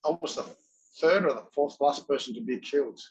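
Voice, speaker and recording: A man as an interview guest, telling stories in an animated way, often laughing and acting out voices. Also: medium pitch, a little fast, highs cut off. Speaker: interview guest, wrestler and actor. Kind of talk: casual storytelling.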